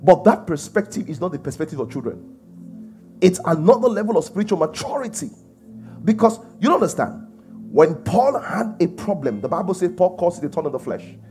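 A man's voice: sits high, big pitch swings, brisk, a little mellow, faint music behind. A man preaching a sermon, emphatic and full of rhetorical questions. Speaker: pastor.

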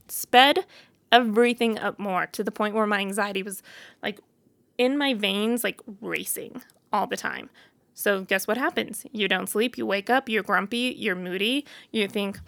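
A woman's voice: a little high, moderate pace, vocal fry, fairly bright tone, no room sound. A woman in her thirties telling her personal story to camera in a frank, chatty way, full of fillers. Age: 30s. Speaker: vlogger.

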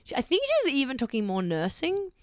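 A young Australian woman co-hosting a podcast, telling stories in an animated way and laughing often. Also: high-pitched, quick pace, dry recording, studio quality. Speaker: podcast co-host. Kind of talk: casual chat.

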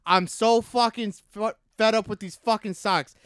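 Ranting Boston baseball fan, swears nonstop, loud and pitched up, as a man puts him on. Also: fairly even intonation, moderate pace, clear, resonant tone, no echo, clean studio sound. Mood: exasperated. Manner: cursing, ranting.

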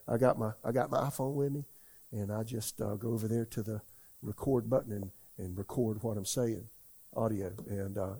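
An older male pastor preaches in a loose, conversational way, with a gravelly edge and a dark, mellow tone. He rambles a little and keeps asking his congregation questions. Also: mid-range voice. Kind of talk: conversational sermon. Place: church.

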